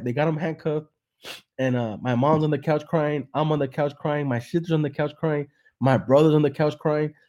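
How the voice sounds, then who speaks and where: A man's voice: a little high, warm tone. A young man tells a joke in a laid-back, profane way on a live podcast, switching between English and slang. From San Jose, California. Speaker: comedian and podcast host.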